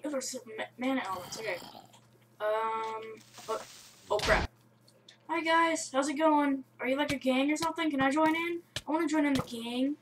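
A young woman giving excitable, rambling let's-play commentary on her game, breaking into yelps. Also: high voice, moderate pace. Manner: excitable, rambling, bursts of yelling. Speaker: gamer. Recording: distant mic with faint hiss.

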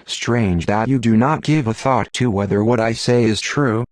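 A man's voice: medium pitch, moderate pace, darkish tone, no echo, natural voice. A man voicing an earnest young male Jedi apprentice who pleads urgently, in an audiobook.

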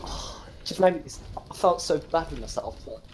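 A man's voice: fairly high pitch, lively intonation, normal speed, darkish tone, slight background noise, poor audio. A young man with a Birmingham accent chatting casually and crudely over game voice chat, telling rambling jokey stories. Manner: crude, joking, rambling storytelling. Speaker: gamer in voice chat.

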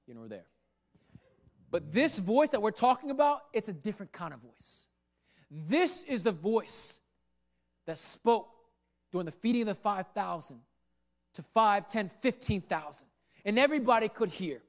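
A man preaching a sermon as pastor into a microphone in a church, with a loud, projecting voice that swings between big declarations and soft asides. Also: high voice, very animated, normal speed, pauses often. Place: church sanctuary.

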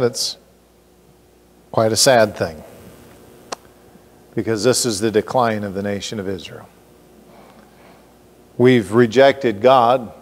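A man preaching an expository sermon as pastor, animated and acting out scripture characters with comic exasperation. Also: medium pitch, in a large hall. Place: church sanctuary.

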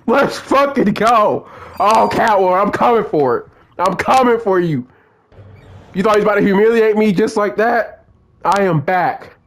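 A young man commentating his own fighting-game run, cursing and swinging between low muttering and loud outbursts at the game. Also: moderate pace, slight background noise. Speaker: gaming streamer. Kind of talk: live gameplay commentary.

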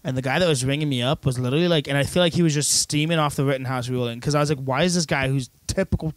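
A man's voice: medium pitch, no room sound. A man in his twenties co-hosting a crude comedy podcast, rambling through anecdotes and mimicking the people in them. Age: 20s. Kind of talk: crude casual comedy banter.

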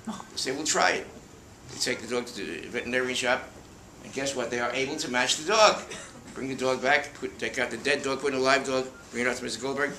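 An older man with a New York accent spins show-business stories for a live crowd, jumping in and out of quoted voices. His tone is bright and forward. The sound carries the echo of a roomy space with a faint hiss underneath. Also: mid-range voice, quick pace. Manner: rambling show-business anecdotes with acted-out quotes. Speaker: host. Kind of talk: storytelling at a live event. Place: bookshop event room with an audience.

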